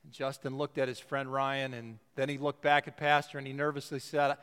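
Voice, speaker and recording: With a medium pitch, flat delivery, and a bit of brightness in his clean tone, a male pastor preaches in a church sanctuary. He stresses key words by drawing them out emphatically, and the sound has a long church reverb.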